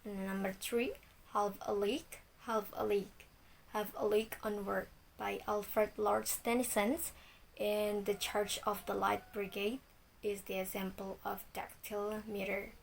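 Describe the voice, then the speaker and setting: A woman's voice: medium pitch, flat delivery, measured pace, creaky, slight background noise, low-quality recording. A young woman with a Balinese Indonesian accent reading a student presentation from a script, with a few slips. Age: young adult. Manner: reads from a script with some slips.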